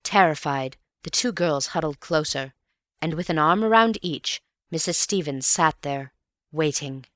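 A woman narrating an audiobook with expressive storytelling. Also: low-pitched, measured pace, no echo, clean studio sound.

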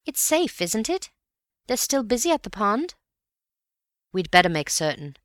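A woman reader voicing a calm, mysterious young man playing detective, measured and wry, quietly probing. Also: medium pitch, no echo, studio quality, pitched above the performer's own voice.

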